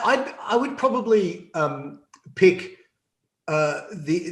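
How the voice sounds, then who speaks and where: A fairly high-pitched male voice echoes through the room as an Australian company CEO responds to interview questions. In this business talk, he sounds confident and explanatory, laughing often.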